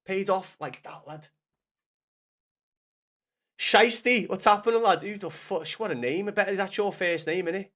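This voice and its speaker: A man's voice: high-pitched, a little slow, pauses often. Sweary Scouse man streaming football chat. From Liverpool, England. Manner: sweary, banters with chat by name, gets loud and excited. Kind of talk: casual live-stream chat with viewers.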